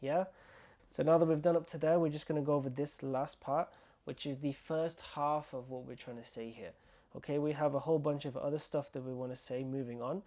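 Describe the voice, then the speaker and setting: A man teaching an online Arabic pronunciation lesson. He is patient and repeats words slowly, stretching out the sounds. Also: on the high side, fairly even intonation, mellow.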